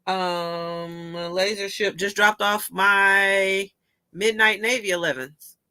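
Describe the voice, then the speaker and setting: Bright-voiced, animated woman storyteller. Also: mid-range voice, takes it slowly, smooth. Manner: animated storyteller, laughs often, swears casually. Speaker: show host. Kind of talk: casual chat.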